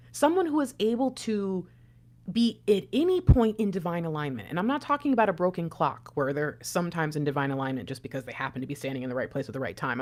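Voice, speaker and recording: A woman speaking straight to her viewers in a casual spiritual talk. Her pitch swings widely as she moves between hushed, breathy asides and loud, emphatic bursts. She talks in a chatty way, full of asides and everyday fillers. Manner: animated, swings from soft whispers to loud outbursts. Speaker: spiritual channel host.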